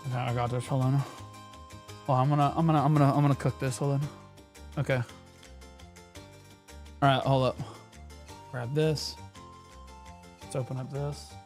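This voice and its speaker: A man streaming in a casual chat, rambling and excitable, stumbling over restarts and breaking into shouting bursts. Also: mid-range voice, normal speed, pauses often, faint music behind. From United States.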